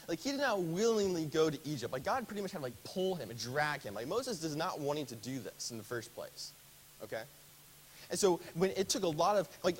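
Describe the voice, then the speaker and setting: A man's voice: on the high side, slight background noise, poor audio. A man teaching a Bible study class in a casual, conversational way, often asking the group questions.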